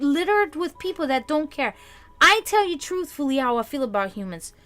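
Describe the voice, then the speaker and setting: A woman's voice: high-pitched, expressive, normal speed, pushed and bright. A young woman hosting a livestream, talking casually to her chat and ranting in frustration with frequent swearing. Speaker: livestream host.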